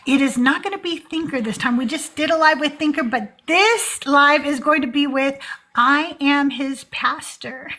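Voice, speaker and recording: A woman's voice: high voice, normal speed, bright, forceful tone. A woman in her forties hosting a live call-in show, chatting casually and laughing often between many fillers. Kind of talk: casual livestream chat.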